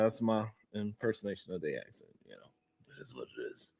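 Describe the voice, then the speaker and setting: A man's voice: a little high, normal speed, fairly bright tone. A man hosting a casual morning livestream, greeting viewers and laughing often. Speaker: morning show host.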